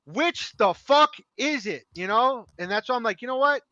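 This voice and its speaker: A middle-aged man co-hosting a podcast rants with impassioned, profane emphasis in a very high, animated voice, bright and forceful, at normal speed. There's no echo; the recording is dry with a dull lo-fi sound.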